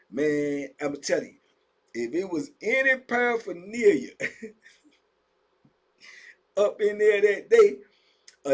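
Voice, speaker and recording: A man with a Virginia accent telling stories about prison life in a casual, animated way, full of street slang and acting out the voices of other people. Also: a little high. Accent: Southern US, Virginia. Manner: animated, acts out voices of inmates and guards, drawling street slang. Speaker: storyteller recounting prison life. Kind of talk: casual storytelling monologue.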